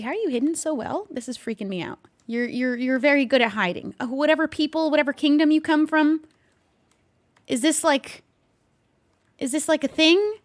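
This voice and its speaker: A woman streaming a game, chatting and playing along with an unseen visitor, easily startled and quick to gasp and laugh. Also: sits high. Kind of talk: casual gameplay commentary with light role-play.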